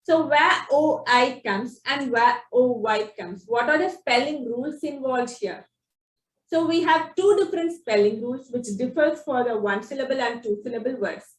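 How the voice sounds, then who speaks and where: A woman teaching phonics, explaining spelling rules slowly and sounding out example words one by one. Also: high voice. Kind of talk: slow instructional explanation. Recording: echoey room, distant from the mic.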